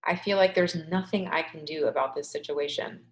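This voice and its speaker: Her voice sits low and runs a little fast as she coaches a webinar group through tapping from her home. Using a video call webcam, she emphatically leads repeated affirmations and sighs along with everyone. The recording is reverberant and low quality.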